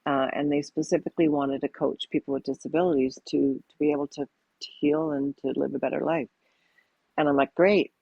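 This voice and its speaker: A woman's voice: extremely low pitch, level tone, creaky, mellow, husky, dry recording, lo-fi sound. A woman guest, a yoga teacher and coach, talking thoughtfully in an interview, often restarting her sentences. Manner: thoughtful, halting, with frequent restarts. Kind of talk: reflective interview talk.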